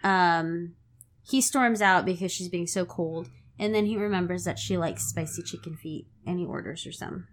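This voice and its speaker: A woman co-hosting a casual podcast, chatting in a relaxed way and often backing up her partner with "mm-hmm". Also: on the low side, moderate pace, a little hiss or hum. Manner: relaxed, frequent "mm-hmm" backchannels. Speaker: podcast co-host. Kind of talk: casual chat.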